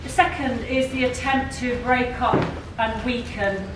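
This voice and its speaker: A woman's voice: fairly high pitch, fairly even intonation, unhurried. Woman at a meeting, earnest list-driven speech; far off, echoey noisy hall. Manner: earnest, building lists, some restarts. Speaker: speaker at a public meeting.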